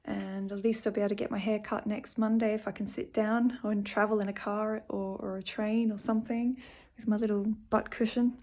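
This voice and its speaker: A woman giving a personal video update from her home, speaking softly and earnestly with lots of fillers. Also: mid-range voice, flat delivery, a little fast. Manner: soft, earnest and emotional, with frequent fillers. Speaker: vlogger.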